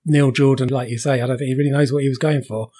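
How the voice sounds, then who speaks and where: A man's voice: medium pitch, fairly even intonation, fast, mellow, breathy edge. A man co-hosting a podcast, chatting casually about films with wry, dry asides. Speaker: podcast co-host. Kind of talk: casual film chat.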